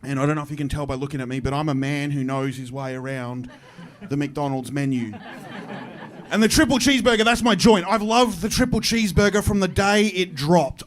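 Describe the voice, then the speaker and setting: High-voiced Australian comedian on stage. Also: male voice, a little fast. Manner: self-deprecating storytelling, acting out voices. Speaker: stand-up comedian. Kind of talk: stand-up comedy set. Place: comedy club stage with live audience.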